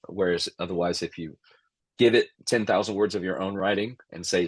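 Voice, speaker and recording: A middle-aged law professor, answering interview questions as an expert witness, speaks emphatically and tends to repeat words at the start of sentences. His voice is deep and brisk, with no room sound.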